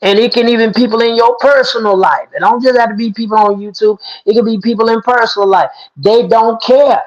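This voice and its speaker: A man's voice: very high voice, fairly even intonation, fairly quick. A man hosting an online talk show, telling a folk story and preaching its moral in a folksy, emphatic way. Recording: dull lo-fi sound.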